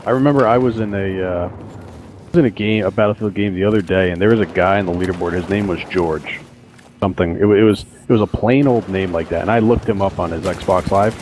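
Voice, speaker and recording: Laid-back low-voiced male esports co-caster. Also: fairly quick, darkish tone, slight background noise. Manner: laid-back, dry banter. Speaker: esports co-commentator. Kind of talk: live esports color commentary.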